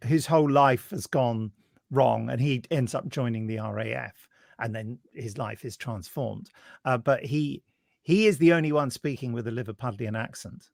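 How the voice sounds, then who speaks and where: A British man co-hosts a podcast, chatting casually and with animation in a gravelly, medium-pitched voice at normal speed. He's talkative and laughs while speaking, and the recording is dry and studio quality.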